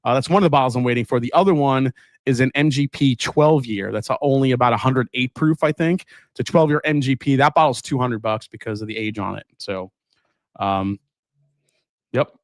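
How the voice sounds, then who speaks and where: A man's voice: medium pitch, a little fast, dry recording, clean studio sound. Enthusiastic man hosting a whiskey livestream. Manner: relaxed, enthusiastic, laughs often. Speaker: whiskey channel host. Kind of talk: casual livestream chat, reading super chats.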